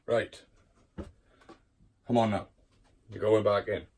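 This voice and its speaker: A man with a lowish voice talks casually through a tour of his tarantula collection in his bedroom. He swears freely and chats to the spiders, coaxing and scolding them as he films. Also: little pitch movement, slow, darkish tone. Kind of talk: casual room-tour vlog. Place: bedroom at home.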